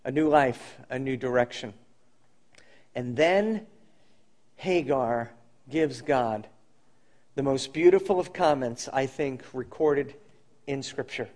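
A man preaching a sermon, telling stories earnestly and often dropping to a soft, intimate tone. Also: medium pitch, takes it slowly, long pauses. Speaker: pastor.

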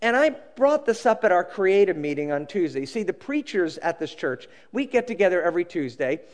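Middle-aged pastor preaching, really lively voice, goes all hushed to make a point. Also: male voice, high-pitched, fairly quick, big-room sound. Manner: expressive storytelling, drops to a hush for emphasis. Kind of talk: sermon.

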